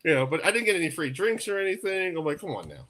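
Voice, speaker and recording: A man from New York hosting a sports talk radio show, telling stories in a lively, laughing way. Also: sits high, fast, crowd noise. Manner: storytelling, animated, laughs often. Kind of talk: casual radio chat.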